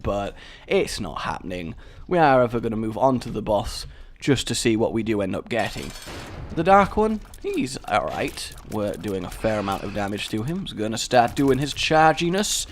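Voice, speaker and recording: A young man casually chatting through a video game he is playing, with chatty, self-deprecating talk and sudden excited outbursts. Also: medium pitch. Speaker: gaming video host. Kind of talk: casual let's-play commentary.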